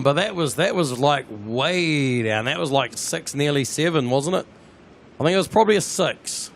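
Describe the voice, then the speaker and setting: A man with a New Zealand accent, hosting a live plane-spotting stream, chatty and excitable as he talks to his viewers outdoors at an airport. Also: fairly high pitch, moderate pace, creaky, slight background noise.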